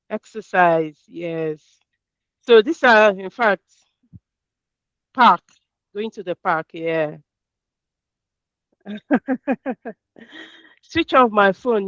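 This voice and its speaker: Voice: medium pitch, no room sound. An adult presenter leading an interactive workshop, reading out audience answers and affirming them. The speaker talks conversationally and repeats key words for emphasis. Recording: dull, dry, lo-fi call audio.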